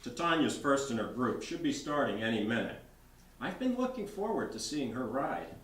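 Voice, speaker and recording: A man voicing a brash, blustering wealthy older man, talking loudly, read aloud in a bookstore. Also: medium pitch, big pitch swings, normal speed, voice pushed up. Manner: loud, blustering. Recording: roomy bookstore from far off.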